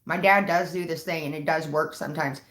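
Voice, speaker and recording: A woman's voice: sits low, fairly even intonation, brisk, a bit bright. A woman on a livestream telling a long, exasperated, profanity-laced story in casual chat. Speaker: livestream host. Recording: roomy echo.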